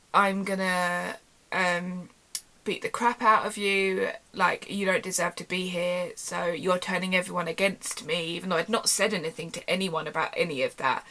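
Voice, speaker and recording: A young woman casually telling a storytime vlog from her bedroom, animated and chatty, acting out quoted dialogue. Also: fairly low pitch. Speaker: YouTuber. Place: home bedroom. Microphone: camera on tripod.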